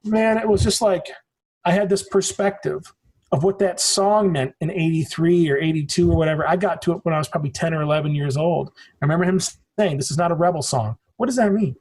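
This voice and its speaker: Man, 40s, from the United States, podcast guest, husky, rambling, emphatic, swears often. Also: a little high, a little fast, a little mellow. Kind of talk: casual conversation.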